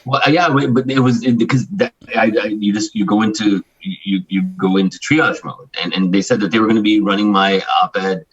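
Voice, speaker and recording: Brief: forties male interview guest, low voice, husky timbre, lo-fi remote line. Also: fairly even intonation. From Chicago, United States. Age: 40s. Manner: emphatic, fast-flowing with frequent restarts. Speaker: guest, human rights attorney. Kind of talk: candid interview talk.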